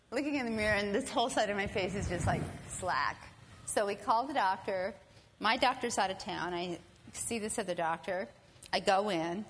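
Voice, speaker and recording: Woman storyteller, animated, acts out voices, long hall reverb, faint ambient hum. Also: medium pitch. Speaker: storyteller speaking to an audience. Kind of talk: personal storytelling.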